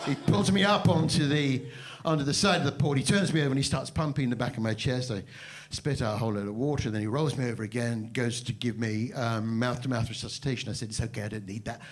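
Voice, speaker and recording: A man doing live stand-up on a stage before an audience. He tells a story in a halting, mock-serious, self-deprecating way, full of fillers and restarts, and banters with the crowd. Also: medium pitch, fairly even intonation. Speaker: stand-up comedian.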